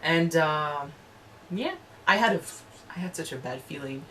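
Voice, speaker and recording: A woman hosting an anime reaction chat, animated, swearing freely and restarting her sentences. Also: deep voice, moderate pace, poor audio.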